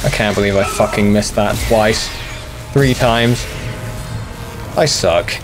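A man's voice: on the low side, slow. Young guy commentating his game, swears a lot, jokes at his own expense, game music playing behind. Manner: self-deprecating, sweary, chatty. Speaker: gaming channel host. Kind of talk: casual let's play commentary.

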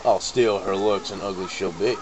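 A man's voice: low-pitched, moderate pace, noisy background, lightly acted. A man voicing a vain, spiteful old witch who shrieks rhyming threats. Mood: vain, screeching.

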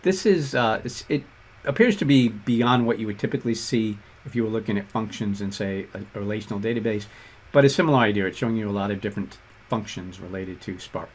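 A man with a Boston accent explaining code step by step in a relaxed tutorial. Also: fairly low pitch, quick pace, breathy edge. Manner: relaxed explanatory walkthrough with fillers and asides. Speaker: instructor. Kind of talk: screen-share coding tutorial.

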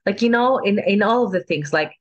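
A woman in casual conversation, talking in a measured, reflective way. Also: mid-range voice, lively intonation, dull audio. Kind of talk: casual chat.

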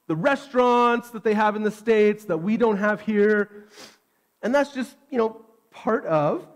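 A man, preaching a sermon and telling a self-deprecating personal story with animated energy. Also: high voice. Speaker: pastor.

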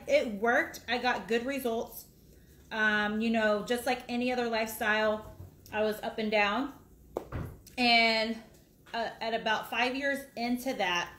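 Here a cooking vlogger, a middle-aged woman, rambles through a casual live chat between steps while cooking at home. Her voice is a little high with a fairly bright tone. The room echoes and carries a faint noise.

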